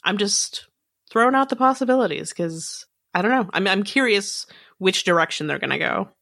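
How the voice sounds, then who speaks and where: A woman's voice: mid-range voice, animated, normal speed, creaky, fairly bright tone, no room sound, clean studio sound. A woman co-hosting a podcast in casual chat, speculating and hedging as she thinks aloud. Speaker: podcast co-host.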